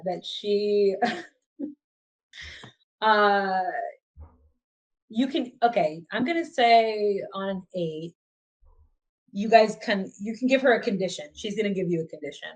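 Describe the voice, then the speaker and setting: A woman's voice: mid-range voice, slow pace, long pauses, low-quality recording. A woman running a tabletop role-playing game as game master, narrating in a rambling, hesitant way with many fillers.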